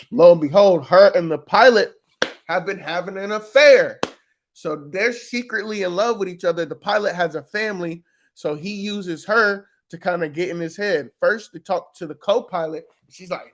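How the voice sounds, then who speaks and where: A man talks through a TV episode in a loose, unscripted recap. His voice sits a little higher than most men's, and he is casual and profane, with plenty of fillers. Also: moderate pace. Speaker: reaction video host.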